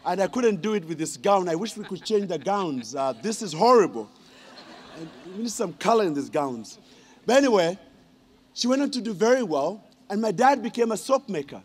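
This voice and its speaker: Speaking with animation at a moderate pace, this Ugandan honorary degree recipient has a high, slightly rough voice. His ceremonial speech is humorous, and he teases the audience with questions.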